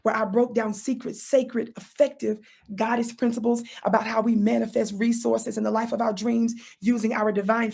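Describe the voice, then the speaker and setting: A woman hosting her own show, giving an animated, preachy commentary monologue, repeating words for emphasis and teasing her listeners with bursts of laughter. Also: on the high side, creaky, slightly rough. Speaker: talk show host.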